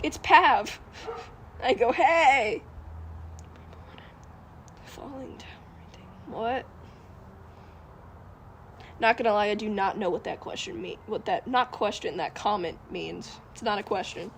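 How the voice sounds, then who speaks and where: Giggly woman livestreaming over outdoor noise. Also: medium pitch. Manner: giggly, rambling, chatty with viewers. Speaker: livestream host. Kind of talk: casual livestream chat. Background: wind and passing cars.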